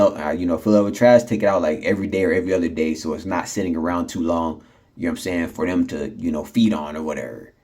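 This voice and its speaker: Husky low-voiced man venting on a vlog. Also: mellow. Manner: laughing often, frustrated, many fillers and restarts. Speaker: vlogger. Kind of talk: casual rambling vlog. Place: his apartment. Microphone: phone.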